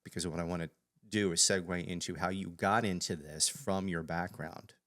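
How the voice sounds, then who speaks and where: A man co-hosts a casual interview show. His voice is deep, and he chats in a joking, teasing tone. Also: steady tone, normal speed, a bit bright. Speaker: podcast co-host.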